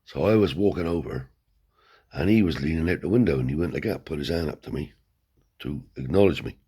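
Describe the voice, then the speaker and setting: A man with a very low, husky voice tells a rough-edged tale from his past. He talks bluntly and swears freely, seated as he spins the story. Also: fairly quick. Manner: blunt, swears heavily, animated yarn-spinning. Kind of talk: casual spoken storytelling. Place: seated indoors.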